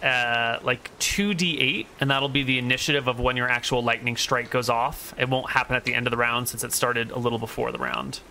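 Guy game master describing scenes, bright clear voice, easygoing with lots of ums. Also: medium pitch, fairly quick, hardly any pauses, a little hiss or hum. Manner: descriptive, relaxed with filler words. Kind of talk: narrating a tabletop game.

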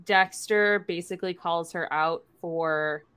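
Smooth-voiced young woman chatting about a book. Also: on the low side, fairly even intonation, slow, fairly bright tone. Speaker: podcast co-host. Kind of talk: casual book-club chat.

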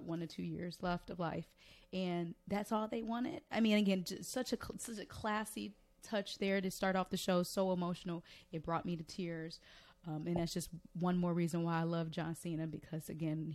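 A woman co-hosting a wrestling podcast, talking casually and expressively with frequent laughs. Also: lowish voice. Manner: emotional, expressive, laughs often. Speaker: podcast co-host. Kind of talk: casual chat.

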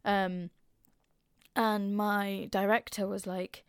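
A woman's voice: mid-range voice, fairly even intonation, takes it slowly, smooth, dry recording, studio quality. A woman in her twenties with an East Midlands Mansfield accent, hosting a podcast in a candid, chatty way and swearing freely. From English Midlands (Mansfield). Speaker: podcast host. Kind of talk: casual chat.

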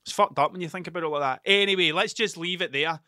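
A man's voice: a little high, fast talker, no echo, clean studio sound. Sweary Scottish man telling stories. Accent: Scottish (Ayrshire). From Scotland (Ayrshire). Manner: sweary, animated storytelling. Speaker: podcast host. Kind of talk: casual solo podcast chat.

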